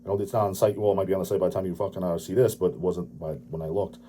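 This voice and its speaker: Male host, late 30s, husky voice, crude profane ranting delivery. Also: low-pitched, fairly even intonation, very fast, mellow. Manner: crude, swearing, dismissive ranting. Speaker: channel host answering viewer questions. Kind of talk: profane ranting casual talk.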